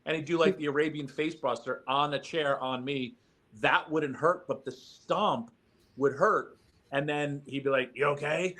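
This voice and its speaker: A man's voice: fairly high pitch, steady tone, measured pace, fairly bright tone. A man guesting on a podcast, telling stories animatedly, acting out quoted lines and swearing freely. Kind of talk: casual storytelling.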